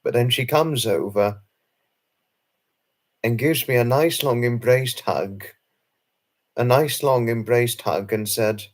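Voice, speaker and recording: British male streamer, casual live chat, rambling and self-conscious, average pitch. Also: a little slow, pauses often. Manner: chatty and rambling, with frequent fillers and self-conscious laughs. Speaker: livestream host. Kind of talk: casual live chat reading viewer comments.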